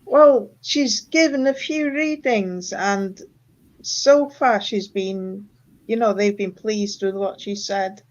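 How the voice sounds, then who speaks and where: A middle-aged woman chatting casually, unhurried and trailing off with fillers. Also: mid-range voice. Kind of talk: casual chat. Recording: dull, muffled sound.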